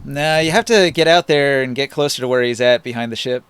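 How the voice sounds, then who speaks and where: A man's voice: mid-range voice, fairly quick, a bit bright, smooth, dry recording. A man narrating as game master in a tabletop game, patiently explaining the rules and the layout.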